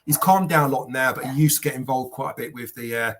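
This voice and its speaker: A man telling animated football anecdotes on a podcast panel, slipping into quoted voices. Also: mid-range voice, quick pace. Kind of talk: casual storytelling.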